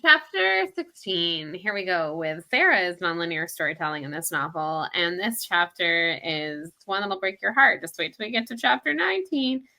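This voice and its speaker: A woman's voice: lowish voice, animated, moderate pace, few pauses, pushed and bright. A woman co-hosting a podcast, casually picking apart a novel's characters and thinking aloud. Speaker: podcast co-host. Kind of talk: casual book discussion.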